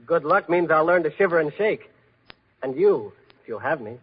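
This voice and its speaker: A man's voice: a little high, animated, moderate pace, breathy edge. An actor playing a fearless, cocky young man who jokes his way through everything, in 1940s radio acting style, with a breezy, slangy manner. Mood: cheeky. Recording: dull hissy old radio recording.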